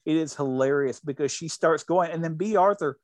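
A man's voice: a little high, fairly quick, darkish tone, no room sound. A man hosting a show in casual chat, retelling anecdotes in a rambling way with lots of restarts.

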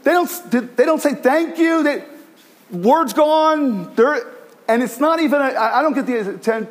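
A man preaching a sermon as pastor, animated, with many restarts, acting out the cries of the people he tells about. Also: extremely high pitch.

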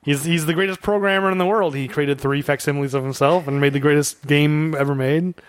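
A man co-hosting a casual film discussion podcast, chatty and quick to laugh as he quotes lines. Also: a little high, fairly even intonation, smooth, no echo, studio quality. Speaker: podcast co-host.

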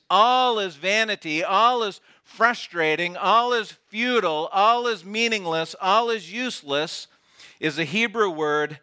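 A man preaching a sermon, playful and teasing, dropping to a hush to make a point. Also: on the high side, smooth. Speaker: pastor. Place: outdoor gathering with camp chairs.

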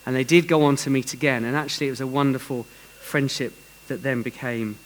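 A man's voice: medium pitch, steady tone, fairly quick, a little hiss or hum, low-quality recording. A man preaching a sermon in an earnest way, telling a story with some restarts.

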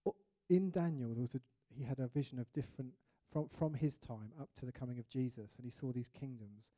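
A man preaching a sermon in an animated way, acting out little scenes and voices. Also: medium pitch, a little fast.

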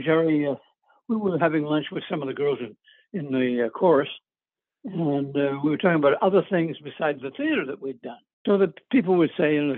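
A man's voice: on the high side, no room sound. An older man from New England, an actor, casually telling rambling stories with chuckles and filler words. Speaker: guest actor. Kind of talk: casual interview storytelling. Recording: tinny phone-line sound.

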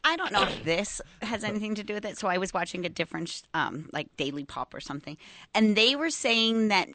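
A woman's voice: medium pitch, expressive, a little fast, fairly bright tone, no echo. A woman on a comedy podcast rambling through a point with many fillers. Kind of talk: casual podcast banter.

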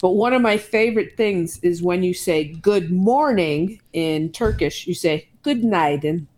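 A woman's voice: on the low side, unhurried. Woman telling travel anecdotes. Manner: storytelling, animated anecdotes. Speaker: podcast co-host. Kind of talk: casual chat.

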